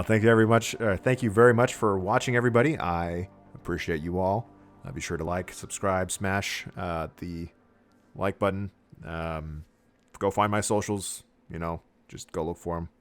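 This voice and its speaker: A man hosting a casual gaming podcast, relaxed and rambling with plenty of fillers. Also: sits low, moderate pace, soft background music. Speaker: podcast host.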